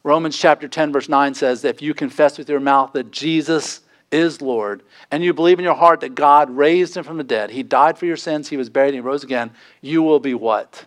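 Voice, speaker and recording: A man's voice: on the high side, moderate pace, few pauses. A man preaching a sermon, earnest and pleading, his voice climbing for emphasis. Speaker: pastor.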